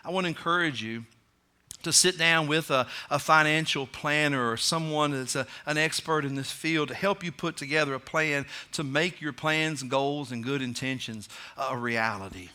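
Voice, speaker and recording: A man's voice: fairly high pitch, moderate pace, sharp tone, smooth. A man with a Kentucky accent, preaching a sermon in church in a plain, conversational way with fillers and restarts. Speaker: pastor. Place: church sanctuary.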